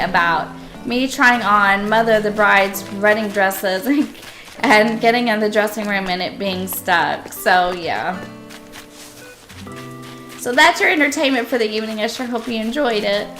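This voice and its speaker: A middle-aged woman streaming a game, telling a funny story in a casual, animated way and often laughing. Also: mid-range voice, moderate pace, soft background music. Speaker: live streamer. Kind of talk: casual storytelling while gaming.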